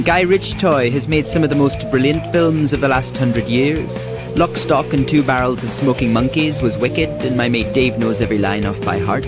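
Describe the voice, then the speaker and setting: A man's voice: medium pitch, natural voice. A man putting on a mock-serious male arts presenter with formal delivery, in a comedy sketch. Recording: music playing underneath.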